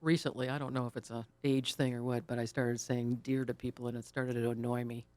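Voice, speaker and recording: A woman's voice: a bass voice, steady tone, darkish tone. A woman hosting a casual chat, teasing her guest and laughing easily. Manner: teasing, quick to laugh and apologize.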